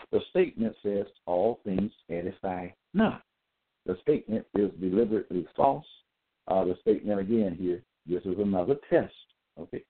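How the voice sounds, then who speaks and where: A man's voice: fairly low pitch, lively intonation, moderate pace. A man giving a solo lecture, reading out verses, repeating his points and asking listeners whether they got it. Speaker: self-styled preacher. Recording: tinny phone-like audio.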